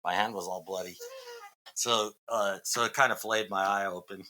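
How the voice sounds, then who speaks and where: A man's voice: lowish voice, fairly even intonation, normal speed, pushed and bright, a little hiss or hum. A middle-aged man from Massachusetts, a podcast guest, telling a long story in a rambling way with many fillers and restarts. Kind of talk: casual storytelling.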